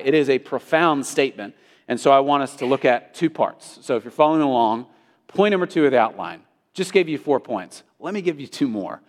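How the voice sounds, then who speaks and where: A male pastor preaching an emphatic sermon, with his intensity rising and falling. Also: a little high. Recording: long hall reverb.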